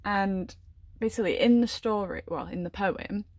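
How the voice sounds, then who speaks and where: A woman gushing excitedly through an unboxing vlog, gasping and giggling as she talks. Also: mid-range voice, normal speed. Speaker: collector unboxing a model horse. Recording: voice a little far from the mic.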